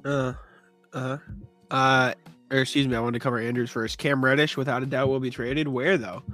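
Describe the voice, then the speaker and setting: A sniffly man co-hosting a casual sports chat, talking in a halting way and clearing his throat often. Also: medium pitch, steady tone, a bit bright, soft background music. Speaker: co-host of a sports talk stream.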